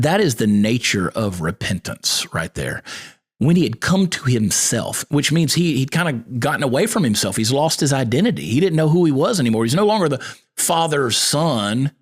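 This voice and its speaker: A man hosting a podcast, giving a folksy, preacherly motivational talk that quotes scripture. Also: mid-range voice. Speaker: podcast host.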